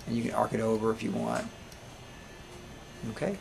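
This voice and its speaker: A man teaching music software to a class, talking casually with many restarts and questions to the students. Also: on the low side, steady tone, normal speed, vocal fry, a little hiss or hum. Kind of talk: live classroom software demo.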